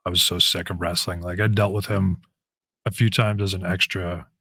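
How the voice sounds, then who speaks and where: A man with a raspy voice, a guest telling stories casually in an interview and acting out the lines of people in them. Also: low-pitched, normal speed, dry recording. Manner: animated storyteller, acts out quoted lines.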